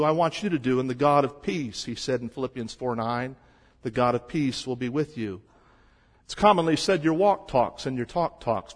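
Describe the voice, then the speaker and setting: A man preaching a sermon as a pastor, shifting between quiet stretches and loud emphasis. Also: mid-range voice, big-room sound.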